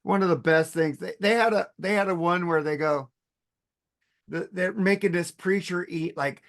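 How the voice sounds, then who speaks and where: A man's voice: high voice, moderate pace. A man on a podcast, casually retelling comedy sketches with lots of swearing and acted-out voices. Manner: animated storyteller, acts out sketch voices, swears freely. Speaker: podcast co-host. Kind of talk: casual chat.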